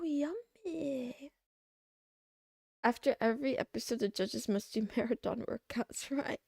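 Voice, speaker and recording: A woman livestreamer chatting casually to her audience, rambling and excitable, tossing in meows between remarks. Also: fairly high pitch, vocal fry, no room sound, clean studio sound. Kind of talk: casual chat to a live audience.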